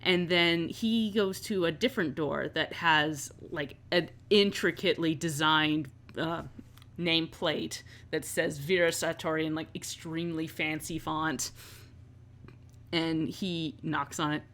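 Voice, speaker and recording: Low-voiced woman game master narrating. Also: fairly even intonation, measured pace, a bit bright. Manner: loose, filler-heavy narration.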